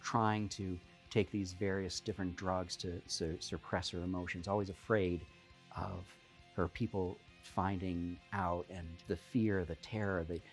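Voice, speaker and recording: A man's voice: low voice, little pitch movement, a little slow, faint music behind. A man narrating as game master of a tabletop game, rambling and often restarting.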